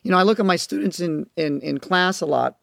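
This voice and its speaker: A man's voice: fairly high pitch, a little fast, creaky, fairly bright tone, dry recording, studio quality. A man teaching parents in a recorded lecture, explaining in an earnest, emphatic way. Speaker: parenting educator and counselor.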